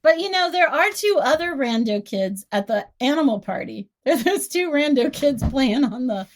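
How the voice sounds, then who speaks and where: A woman with a higher voice that swoops all over chats about a movie on a podcast. She laughs easily and tells her stories with animated energy. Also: moderate pace. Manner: giggly, animated storyteller. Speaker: podcast guest. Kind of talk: casual film discussion.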